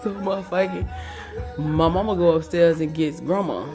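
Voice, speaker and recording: A young woman telling a family story in casual, profane, animated talk, laughing often. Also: fairly low pitch, normal speed, music in the background.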